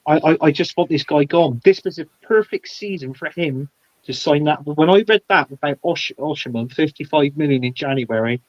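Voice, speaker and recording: A man's voice: a little high, normal speed, a little mellow, no room sound. Heated, stumbling man on a muffled mic. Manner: blunt, heated opinions with stumbling restarts. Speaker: podcast guest. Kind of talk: casual football chat.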